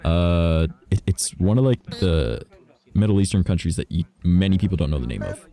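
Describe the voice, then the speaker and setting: A man from Canada chats on stream, swearing freely and trailing off into fillers. His voice sits extremely low with a gravelly edge. His pitch swings widely as he talks. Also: expressive, normal speed, mellow. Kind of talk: casual chat while gaming.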